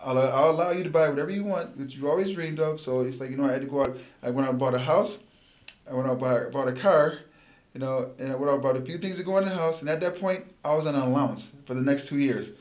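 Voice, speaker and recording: A middle-aged man, a former pro football player, speaks as an interview guest at a brisk pace. He rambles and restarts phrases as he goes. His voice carries a roomy echo. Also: medium pitch, muffled recording. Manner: rambling, repeats words as he restarts. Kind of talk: casual interview storytelling.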